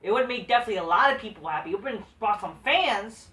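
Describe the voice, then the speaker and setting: A woman's voice: medium pitch, lively intonation, rapid-fire, fairly bright tone. A woman giving a profane, sarcastic rant as a wrestling show reviewer. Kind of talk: ranting video review. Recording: roomy, distant from the mic.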